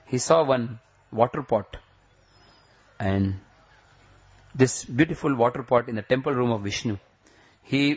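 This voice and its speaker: A man preaching a sermon, retelling a devotional story and slowing down with a lifted voice when he quotes prayers. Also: medium pitch, breathy edge. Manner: slows and rises when voicing prayers. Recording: dull lo-fi recording.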